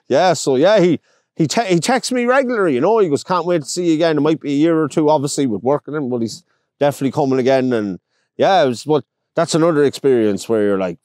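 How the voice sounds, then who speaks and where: An Irish pike fishing guide from County Longford chats casually on a boat outdoors, as in an interview, telling stories and acting out the people he quotes. His voice sits on the high side and is a little mellow, delivered fast and with lots of animation. The recording is dry and of studio quality.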